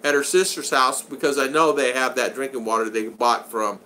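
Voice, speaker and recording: A man's voice: mid-range voice, steady tone, moderate pace, bright, forceful tone, slight background noise. An older American man hosting a casual livestream, reading viewers' chat aloud, greeting them by name and laughing often. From United States.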